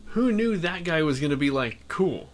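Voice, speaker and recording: A man streaming live and chatting casually with his viewers, rambling with lots of fillers and trailing pauses. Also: a little high, animated, a little hiss or hum. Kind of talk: casual chat.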